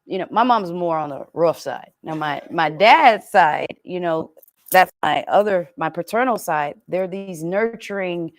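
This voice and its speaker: Lively woman leading a group talk. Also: on the low side, unhurried, dry recording. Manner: animated, acts out quoted parents. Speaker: community session leader. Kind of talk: live community discussion.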